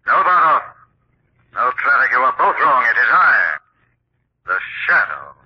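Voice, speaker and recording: An actor playing an invisible male avenger in a 1940s radio drama, calm, measured and mockingly authoritative. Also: mid-range voice, husky, dry recording. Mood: commanding. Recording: dry, dull old radio broadcast.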